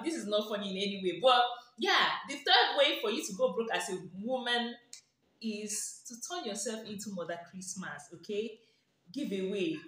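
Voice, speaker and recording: Bright-voiced Nigerian woman, teasing vlog. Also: medium pitch. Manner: playful, teasing, laughs often. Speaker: lifestyle vlogger. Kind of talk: casual sarcastic advice vlog. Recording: very echoey room.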